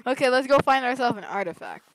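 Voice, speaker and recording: Woman gamer, casual and teasing, high-ish, very animated delivery. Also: fast talker, a little hiss or hum, rough recording. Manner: playful, teasing, laughs often. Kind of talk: casual gaming chat.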